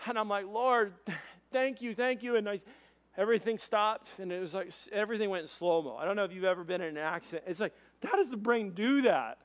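A man preaching a sermon as pastor, telling a story in an animated way with quoted voices. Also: high voice, fast talker.

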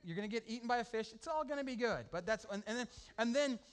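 A man preaching a sermon to a congregation, animated and joking with the crowd. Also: very high-pitched, fast. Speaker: pastor.

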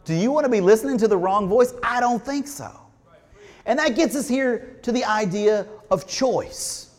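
Man, pastor, conversational sermon, lively pitch, long church reverb. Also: moderate pace. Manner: conversational preaching, asks the congregation questions. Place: church sanctuary.

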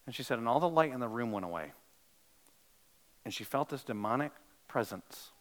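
A pastor preaching a sermon, swinging from loud emphatic passages to hushed storytelling and asking his listeners direct questions. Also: medium pitch, animated, moderate pace, poor audio. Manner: asks the congregation direct questions.

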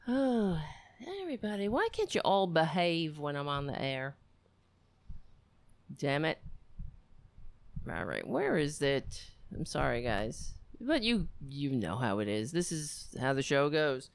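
A woman's voice: sits low, big pitch swings, measured pace, gravelly, smooth, no room sound. A woman hosting a podcast, talking casually about politics with sarcasm and scattered asides. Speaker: podcast host.

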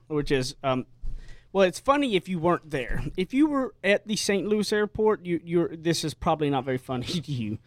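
A man with a fairly high voice hosts a casual radio talk show. He talks in a chatty, emphatic way. The studio sound is dry and close. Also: sing-song, fairly quick, no room sound.

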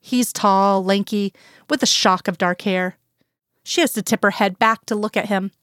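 Smooth, close-miked woman narrator for a calm fanfiction reading, dry sound. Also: medium pitch, normal speed, no echo. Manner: calm storytelling, plain voices for quoted characters. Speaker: fanfiction reader. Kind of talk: scripted narration.

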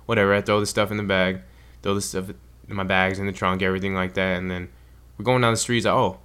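Deep-voiced man telling a travel story. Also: fast, smooth. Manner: rambling, animated retelling with acted quotes. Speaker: podcast co-host. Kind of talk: casual storytelling chat.

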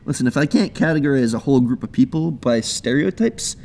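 A man's voice: mid-range voice, expressive, fairly quick, gravelly, a little mellow, a little hiss or hum. A man chatting casually and jokingly, rambling with fillers and restarts. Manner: joking, rambling, self-deprecating. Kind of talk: casual chat.

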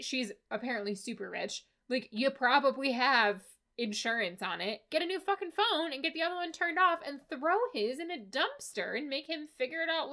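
A woman's voice: high voice, fairly bright tone. A woman co-hosting a podcast, recapping a book in casual chat with an exasperated, sarcastic and profane manner. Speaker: podcast co-host reviewing a book.

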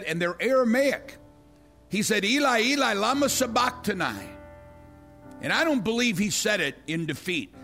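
Older male preacher, high and forceful, impassioned emphatic sermon delivery, soft music behind.

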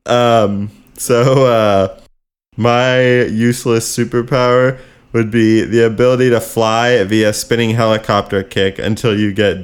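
A man's voice: fairly low pitch, smooth. A man co-hosting a podcast in loose, casual chat, laughing and swearing freely. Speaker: podcast co-host.

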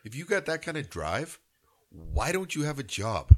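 Co-host, husky voice, very lively pitch, dry quips. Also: male voice, normal speed. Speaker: podcast co-host. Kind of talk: casual chat.

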